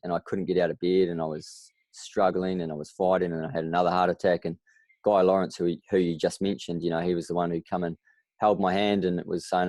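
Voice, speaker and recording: A man with a New Zealand accent, a podcast guest, telling stories in a lively way and acting out the voices of the people he quotes. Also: sits low, no room sound. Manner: animated storyteller, acts out quoted voices. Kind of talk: casual interview.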